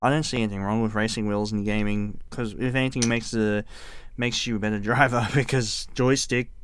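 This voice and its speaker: A man's voice: fairly low pitch, fairly even intonation, fairly quick, slight background noise. A young man co-hosting a casual, uncensored podcast chat, laid-back and swearing often, laughing between thoughts. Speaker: podcast co-host.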